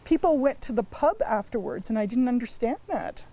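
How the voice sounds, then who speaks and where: A Canadian-born woman, a former ladies' team player, telling lively stories in an interview and acting out quotes with laughter. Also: on the high side, moderate pace, very noisy. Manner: animated, laughing, acts out quotes. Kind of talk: interview storytelling.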